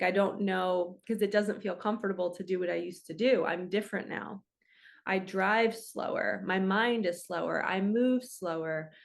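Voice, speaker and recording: A woman's voice: medium pitch, vocal fry. A woman hosting her own channel as a spiritual coach, speaking to camera in a casual, earnest and reflective way, with frequent fillers. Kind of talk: casual heartfelt talk to camera.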